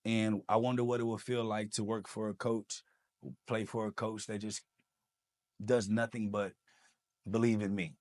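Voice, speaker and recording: A man with a fairly low voice sits as a podcast guest and recounts his own life story. He tells it with lots of energy and jumps into the voices of the people he quotes. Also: normal speed, pauses often. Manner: animated, acts out quoted dialogue. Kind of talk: personal storytelling.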